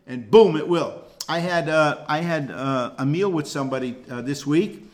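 A man's voice: fairly high pitch, normal speed. A man teaching a casual Bible study class, talking earnestly and often repeating words while he gathers his thoughts.

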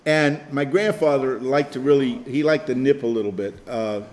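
A man's voice: medium pitch, moderate pace, darkish tone. An older man leading a Bible study group in an informal sermon, rambling, repeating phrases and chuckling.

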